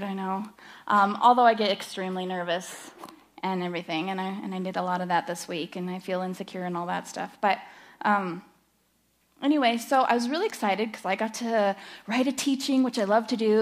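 A middle-aged woman giving a candid, story-driven church teaching, self-deprecating and chatty. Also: mid-range voice. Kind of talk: personal sermon-style teaching.

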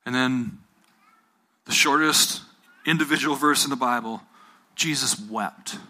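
A man's voice: mid-range voice, measured pace, pushed and bright. A man preaching a sermon, retelling a Bible story to a live audience, repeating phrases and asking his listeners questions.

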